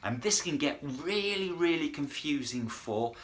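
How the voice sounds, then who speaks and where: A man's voice: fairly high pitch, lively intonation, unhurried. A man teaching Spanish verbs in a video lesson, chatty and encouraging, with self-deprecating humour. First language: English. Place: in front of a whiteboard.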